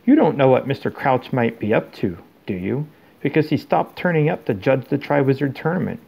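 A man's voice: medium pitch, expressive, fairly quick, vocal fry, a little mellow, slightly rough. A man reading as an earnest teenage boy. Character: teenage schoolboy wizard, earnest.

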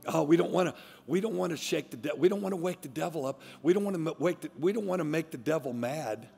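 A middle-aged man, a pastor, preaching a fiery sermon that swings from hushed tones to shouting. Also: on the high side, fast talker, gravelly, slightly rough. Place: large church sanctuary. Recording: long church-hall reverb, faint music.

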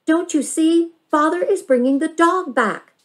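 A woman's voice: mid-range voice, measured pace, lightly acted, rough recording. A woman voicing an impatient, curious young girl who pleads and talks eagerly in a storybook reading. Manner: eager, pleading, rising excitement.

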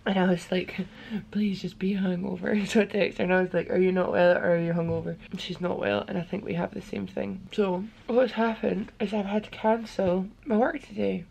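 Young woman vlogging while sick, gravelly voice, rambly and open, faint noise behind. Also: mid-range voice, darkish tone. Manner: chatty, rambling, candid. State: feeling unwell. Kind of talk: casual vlog talking to camera. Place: hotel room.

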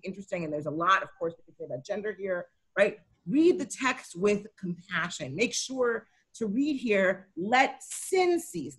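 A woman's voice: medium pitch, breathy edge. Woman teaching a text, asking "right?". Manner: explanatory, often checks in with "right?". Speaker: Talmud teacher. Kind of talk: co-taught text study session.

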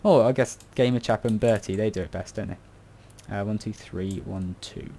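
A man's voice: on the low side, steady tone, moderate pace, gravelly, dark tone, a little hiss or hum. A British man giving casual commentary on a building tutorial, rambling and muttering to himself with self-mocking asides. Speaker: game tutorial creator.

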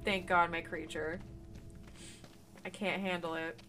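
A woman's voice: fairly low pitch, flat delivery, measured pace, over music. A woman streamer giving casual commentary as she plays a game, swearing freely and bursting into laughs and shrieks of surprise.

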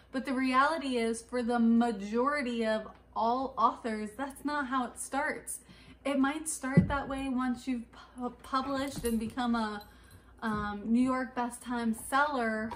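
A woman's voice: a little high, a little hiss or hum. A woman giving casual, rambling advice to new authors, with fillers and restarts along the way. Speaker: writing vlogger giving advice. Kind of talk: casual advice talk to camera.

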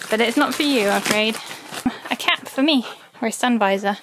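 A woman with a high voice talks casually at home, breaking into a sing-song coo for her dog. There is clear background noise, with the dog moving around nearby. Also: fairly quick. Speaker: vlogger opening fan mail with her dog. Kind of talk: casual chat.

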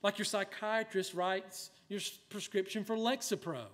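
A male pastor preaching a sermon in an earnest way, dropping to a hush and then rising to loud emphasis. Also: high-pitched, steady tone, moderate pace.

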